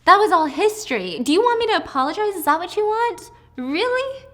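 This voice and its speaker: A woman's voice: medium pitch, brisk, fairly bright tone, lightly acted. A woman playing a scornful rich mother. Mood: agitated. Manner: pushy, scornful, impatient. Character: wealthy arrogant mother around forty.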